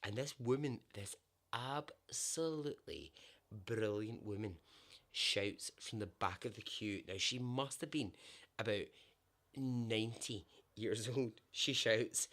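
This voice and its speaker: A Scottish man hosting a podcast, telling a story in a casual, animated way, laughing often and swearing now and then. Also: lowish voice, slow pace.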